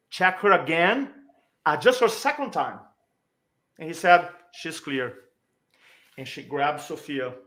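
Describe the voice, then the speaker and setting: Animated high-voiced man telling a story. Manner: energetic, emphatic, acts out quoted dialogue. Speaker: podcast guest, speaking coach.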